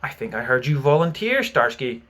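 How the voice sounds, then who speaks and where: A man voicing a silkily cruel pirate captain in an audiobook reading, his voice purring and mock-courteous, a little higher and louder than his narration. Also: lively intonation, normal speed. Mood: menacing.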